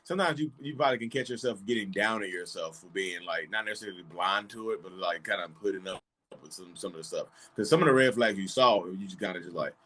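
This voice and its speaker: A man hosting a casual live-stream chat, animated, laughing often and acting out little quoted voices. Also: deep voice, fast talker. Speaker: host.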